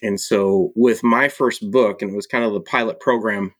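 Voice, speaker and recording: A man's voice: fairly low pitch, fairly even intonation, a bit bright, dry recording. Self-deprecating man, dry close voice. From Michigan. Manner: laughing, self-deprecating, halting with fillers. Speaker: guest, author and publisher. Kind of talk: casual conversation.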